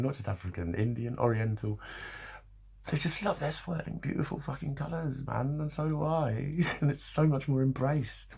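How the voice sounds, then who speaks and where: A man's voice: on the low side, gravelly, darkish tone, husky. A man vlogging in a loose, rambling monologue, swearing a lot and laughing often.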